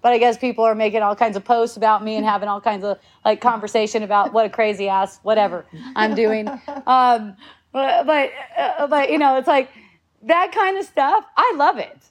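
High-pitched lady in her fifties just chatting to a group, swears a ton, keeps laughing, lots of restarts. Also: steady tone, moderate pace. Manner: laughs often, profane, trailing restarts. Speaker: speaker in a group talk. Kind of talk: casual, rambling group talk.

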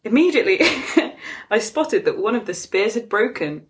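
A woman's voice: fairly high pitch, big pitch swings, normal speed. A woman co-hosting a chat show, reading an article aloud and often breaking into laughter. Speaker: podcast co-host.

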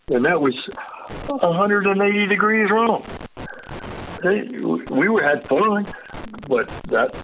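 An older man, a retired undercover agent, talking casually and emphatically, agitated and swearing, with sudden high bursts. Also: a bit bright, a little hiss or hum, rough recording. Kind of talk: casual conversation.

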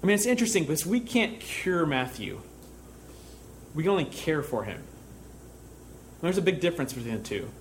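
A man's voice: on the high side, very animated, a little hiss or hum. Young man giving a chatty sermon. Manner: conversational, halting with fillers and restarts. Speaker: camp counselor giving a church talk. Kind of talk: sermon with storytelling.

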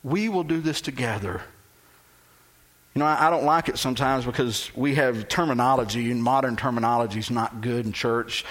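A man's voice: medium pitch, fairly even intonation, fast, hardly any pauses, a bit bright. A man pastor preaching a sermon who talks emphatically and keeps asking his congregation questions.

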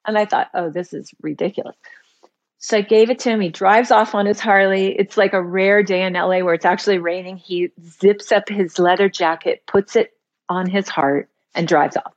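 A woman guest on a talk show, telling a personal story in a lively way and acting out the voices of the people in it. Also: mid-range voice, moderate pace, highs cut off. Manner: lively, acts out voices in quotes. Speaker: author guest. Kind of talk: animated storytelling.

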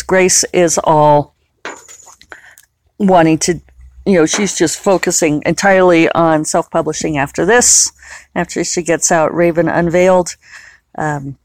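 Novelist, woman with a fairly low voice, loose rambling monologue that doubles back on itself, dry close sound. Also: darkish tone, no room sound. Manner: rambling, often correcting herself. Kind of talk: casual solo podcast chat.

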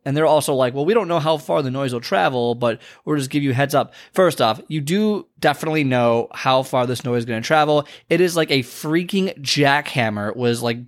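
A young man with a medium-pitched voice tells a story in a loose, rambling way. He talks casually and fills his sentences with likes and ums. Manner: rambling, chatty, lots of fillers. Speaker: vlogger and motivational speaker.

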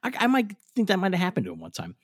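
A man rambling through a cartoon recap with his co-host, full of ums and false starts. His pitch rises and falls in a lively way as he talks. The sound is close and dry, with no room around it. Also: rapid-fire, no room sound. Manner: rambling, lots of ums and restarts, swears casually. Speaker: podcast co-host. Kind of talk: casual chat recapping a cartoon episode.

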